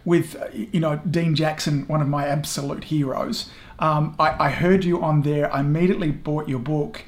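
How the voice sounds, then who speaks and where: A man with a slightly higher voice hosts a podcast interview over a video call. He talks in a chatty, effusive way and laughs at himself now and then. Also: fairly even intonation, moderate pace. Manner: effusive, chatty and self-deprecating. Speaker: podcast host. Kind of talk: casual interview chat. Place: home in the evening.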